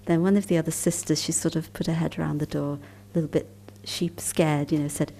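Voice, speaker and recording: A woman speaking to a conference audience as a spiritual teacher, her voice mellow and a little low. She tells her stories calmly and at an easy pace, sometimes dropping to soft, breathy near-whispers. A faint hum sits in the background. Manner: calm, unhurried storytelling with soft near-whispered asides. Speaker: spiritual teacher giving a talk. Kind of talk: storytelling lecture at a conference.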